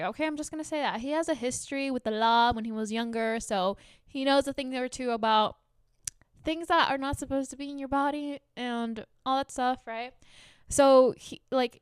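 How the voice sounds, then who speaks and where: Chatty young woman with a smooth voice. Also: a little high, no room sound, studio quality. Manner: chatty, full of "like" fillers, animated. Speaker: podcast host. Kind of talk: casual storytime.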